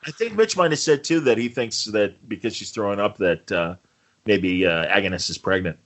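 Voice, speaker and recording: A man's voice: lowish voice, lively intonation, moderate pace. A man co-hosting a podcast, chatting casually and joking about a TV episode, with rambling restarts and fillers. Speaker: podcast co-host. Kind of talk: casual chat reviewing a TV episode.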